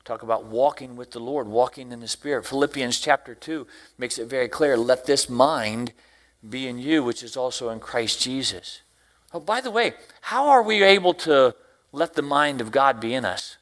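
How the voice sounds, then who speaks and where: A man preaching a sermon, a deacon and Sunday school teacher who quotes scripture slowly and swings from hushed lines to loud exclamations. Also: mid-range voice. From Tennessee, US. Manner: quotes scripture in slow, drawn-out phrasing.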